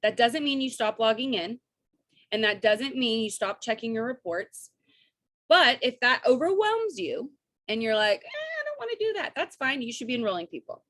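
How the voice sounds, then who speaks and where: Woman, 30s, energetic coach, chatty, video call audio, slightly high voice. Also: normal speed. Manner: energetic, chatty, keeps asking "right?" and "okay?". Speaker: network marketing coach.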